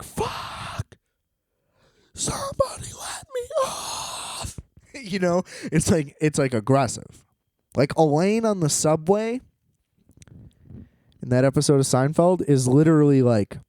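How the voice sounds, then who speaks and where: Exasperated rambling man, lively pitch. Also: dry recording, studio quality. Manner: exasperated, swears, laughs often. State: tired. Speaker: vlogger. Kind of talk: rambling solo monologue. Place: hotel room.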